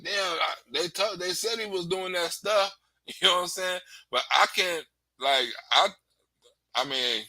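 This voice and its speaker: A man's voice: a little high, sharp tone, no room sound. A man telling loose, rambling comic stories in a casual stand-up manner, often laughing and acting out the voices of the people he quotes. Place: Hollywood.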